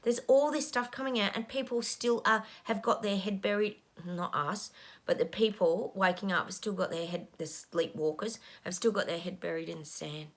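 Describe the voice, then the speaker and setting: A woman's voice: mid-range voice, moderate pace. A middle-aged woman, a psychic talking casually to her viewers, frustrated and ranting, sometimes dropping to a whisper. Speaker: psychic channel host.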